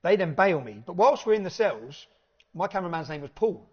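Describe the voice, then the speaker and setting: A man telling an animated anecdote in casual chat, swearing freely and laughing between lines. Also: high-pitched, a little fast, breathy edge. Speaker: podcast guest. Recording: dull lo-fi recording.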